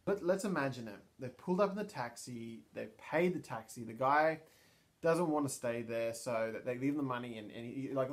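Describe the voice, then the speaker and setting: A man's voice: medium pitch, normal speed. A man narrating a solo tabletop game, thinking aloud with many ums and restarts. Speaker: storyteller and player.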